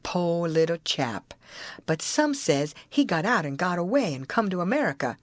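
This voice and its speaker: A woman's voice: fairly low pitch, sing-song, moderate pace, dry recording, studio quality. A woman narrating a classic novel as an audiobook, telling it expressively in first person with rural dialect.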